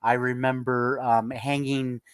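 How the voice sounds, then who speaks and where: A middle-aged man co-hosting a casual sports talk show, halting and stammering as he restarts his sentences. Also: mid-range voice, flat delivery, clean tone, no room sound.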